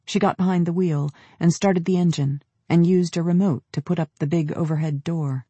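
A man narrating an audiobook in a measured, descriptive storytelling manner. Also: a little high, steady tone, warm tone, breathy edge, no echo. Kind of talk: scripted narration.

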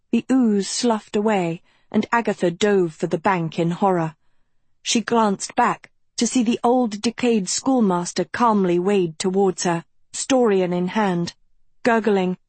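Slow, husky woman narrating a dark tale. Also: medium pitch, no echo. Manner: slow, measured dramatic storytelling. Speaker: audiobook narrator. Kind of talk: scripted narration.

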